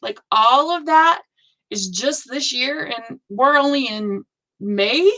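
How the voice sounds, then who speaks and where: A woman's voice: high voice, slow pace. A woman hosting a live stitching show, gushing over viewers' projects with gasps and exclamations. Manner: gushing, excitable, lots of gasps and "oh my gosh". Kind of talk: live show-and-tell chat.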